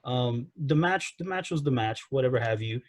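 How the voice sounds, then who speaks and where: A man's voice: mid-range voice, expressive, normal speed, no room sound. A man co-hosting a casual wrestling review podcast, rambling and repeating himself as he gives his opinions. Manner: rambling, repeats himself, frequent "you know" and "again". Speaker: podcast co-host.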